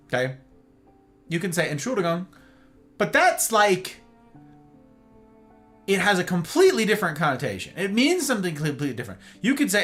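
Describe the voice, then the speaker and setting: An American man hosting a livestream monologue, talking in an animated way and often checking in with "right?" and "okay?". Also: a little high, normal speed, pauses often, faint music behind. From United States. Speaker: host.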